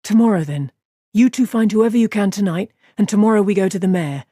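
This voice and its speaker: An earnest young farmhand, anxious and stubborn, his voice set clearly higher than the reader's own. A woman reads him in an audiobook. He presses his point in an urgent, insistent way. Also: brisk, dark tone, dry recording, clean studio sound, natural voice.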